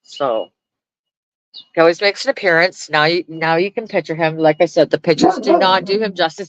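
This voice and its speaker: A woman vlogging in a blunt, profane, animated rant, laughing often. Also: fairly low pitch, moderate pace, dry recording. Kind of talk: ranting casual vlog. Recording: dry, dull lo-fi sound.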